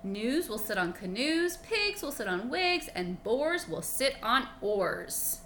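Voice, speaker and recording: A bossy little picture-book frog, as a woman reads him aloud, chanting rhymes in a high, lively, bright voice. He lays down the law in a sing-song way. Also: slow pace, slight background noise, exaggerated voice.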